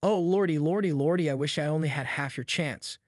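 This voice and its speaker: A man's voice: on the high side, fairly quick, dry recording, clean studio sound, close to an everyday voice. A man voicing scared backwoods boys. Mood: scared whisper. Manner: rustic dialect drawl, hushed and fearful. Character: two frightened backwoods boys whispering at night.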